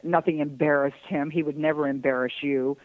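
An older man from Detroit, a guest on a podcast, tells long, rambling anecdotes and now and then breaks into laughter. His voice sits on the high side with a steady tone and a slightly fast pace. The audio is narrow and tinny, with no echo.

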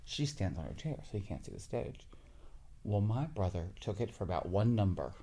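Chatty man telling stories. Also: moderate pace. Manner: animated storyteller, mimics others in high voices. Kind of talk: casual chat.

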